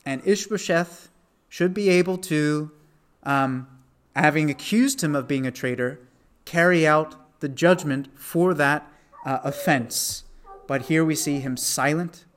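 A man teaching a Bible study in a conversational way, often asking rhetorical questions. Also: on the high side.

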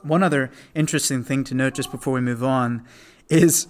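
A man's voice: mid-range voice, fairly even intonation, brisk. A man teaching a Bible study in a conversational way, often asking rhetorical questions.

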